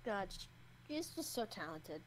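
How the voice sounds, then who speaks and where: A woman's voice: medium pitch, very animated, unhurried, low-quality recording. A young woman in casual chat, playful and giggly, now and then breaking into song. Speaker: co-host chatting.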